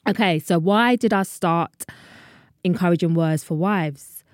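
A London woman in her 30s hosts her own podcast solo, chatting and rambling casually and laughing at her own asides. Her voice is fairly low and her pace measured, with clean, echo-free studio sound.

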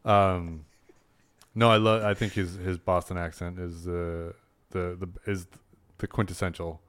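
A man's voice: low voice, level tone, a little slow. A man who is a comedian, guesting on a podcast in casual chat, joking and hesitating with many fillers.

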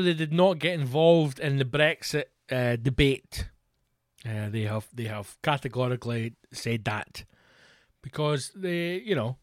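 A man's voice: mid-range voice, no room sound, clean studio sound. A Scottish man hosting a podcast, ranting sarcastically, swearing freely and reading news reports aloud. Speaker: podcast host.

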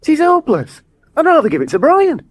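A man's voice: very high voice, wildly swooping pitch, fairly quick, exaggerated voice. An actor playing a brusque, dismissive man directing a pantomime.

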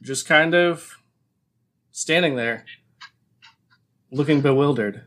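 A man narrates a tabletop game as game master. He talks slowly, with a bright tone, and keeps breaking into giggles. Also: a little high.

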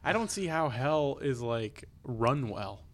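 A young man co-hosting a podcast, joking in a laid-back, deadpan way. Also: mid-range voice, takes it slowly. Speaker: podcast co-host. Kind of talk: casual comedic chat.

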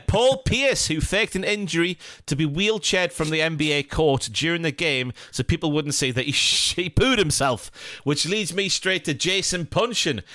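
A man's voice: a little high, bright, forceful tone, dry recording, studio quality. A man co-hosting a casual football podcast, joking and reading out listener mail with playful asides. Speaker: podcast co-host.

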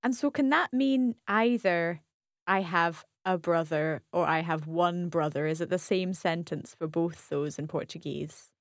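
A woman's voice: fairly low pitch, a little slow, dry recording, clean studio sound. A woman with a Scottish accent co-hosting a language podcast as the learner, asking careful follow-up questions. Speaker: learner co-host.

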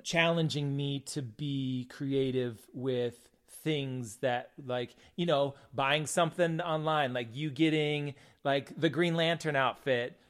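Candid man turning fifty, wry and open. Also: mid-range voice. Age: 40s. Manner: candid and good-humored, quick with wry asides. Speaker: podcast co-host, husband and father. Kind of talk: casual couple chat.

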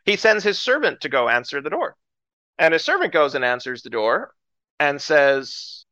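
A man teaching through a Bible story, retelling it in lively, dramatized fashion and acting out the characters' words. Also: moderate pace, dry recording, dull audio. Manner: animated storytelling, acts out characters with rising pitch.

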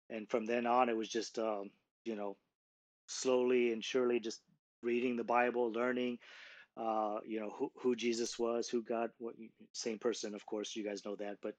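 A middle-aged man telling his personal conversion testimony in an earnest, halting way, with many restarts and fillers. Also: medium pitch, no echo. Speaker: guest sharing his testimony. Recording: slightly dull lo-fi sound.

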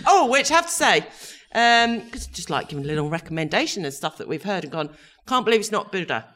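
A woman's voice: medium pitch, sing-song, fast, a bit bright. Giggly chatty woman co-host. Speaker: podcast co-host. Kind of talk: casual chat.

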